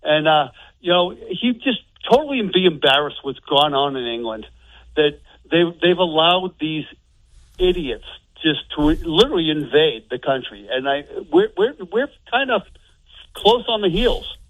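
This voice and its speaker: A man's voice: fairly high pitch, sing-song, measured pace, fairly bright tone. A man calling in to a radio show, talking in an indignant, rambling way. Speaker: caller. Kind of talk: call-in talk. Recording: tinny phone line.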